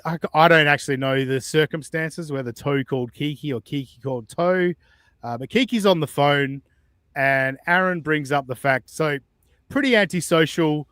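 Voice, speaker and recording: A man's voice: fairly high pitch, fairly bright tone, dry recording, studio quality. A man hosting a podcast, casually reacting to clips, chatty, swearing and incredulous. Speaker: podcast host.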